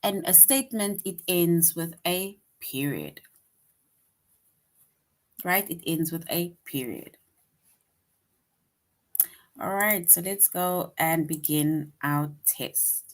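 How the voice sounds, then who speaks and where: A woman's voice: fairly low pitch, takes it slowly, pauses often. A woman teaching a grammar lesson to young children, patient and repetitive, checking in with "right?" after each point.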